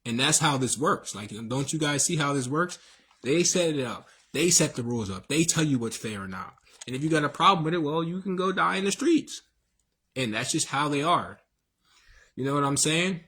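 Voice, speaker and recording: A man hosts a casual livestream monologue, preaching in a rambling, slangy style with many fillers and restarts. His mid-range voice has a fairly bright tone and a breathy edge.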